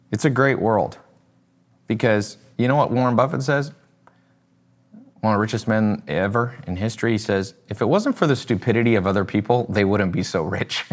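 A man hosting a casual livestream as an e-commerce coach, talking bluntly and with lots of animation, swearing now and then and laughing at his own jokes. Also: on the low side.

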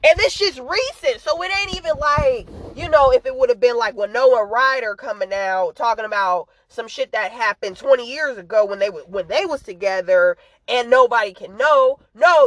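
A woman's voice: fairly high pitch, expressive, normal speed, few pauses, no echo, rough recording. Fired-up, profane woman ranting. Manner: profane, emphatic, worked up; sharp, repetitive put-downs. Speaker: vlogger. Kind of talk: casual ranting commentary.

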